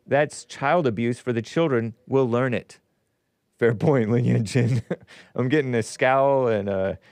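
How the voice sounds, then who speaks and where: A man's voice: medium pitch, no echo, clean studio sound. A man hosting a casual live show, reading chat messages aloud with a wry, laughing manner. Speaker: show host.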